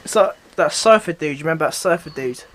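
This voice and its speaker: A man co-hosting a casual podcast, reacting quickly and excitedly to clips his friends play. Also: a little high, crowd noise. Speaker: podcast co-host. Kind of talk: casual banter.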